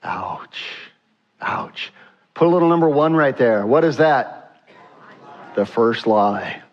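A man's voice: medium pitch, animated, a little slow. A man preaching a sermon in a conversational way, asking the congregation questions and acting out the text. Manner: conversational, asks the congregation questions, acts out quotes. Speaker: pastor. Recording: dull lo-fi sound.

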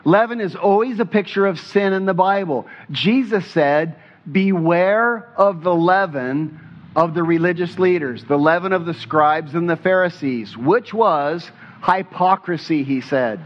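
A male pastor delivering a sermon in a fairly high voice. He preaches with emphasis, uses rhetorical questions and repeats key phrases. The recording sounds dull and lo-fi. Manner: slows down when quoting scripture.

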